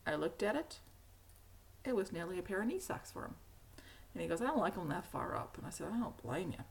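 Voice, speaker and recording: Chatty hoarse woman podcaster. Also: fairly low pitch, big pitch swings, brisk, a little hiss or hum. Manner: chatty, rambling, laughs often. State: hoarse, frog in throat. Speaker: knitting podcast host. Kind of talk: casual chat.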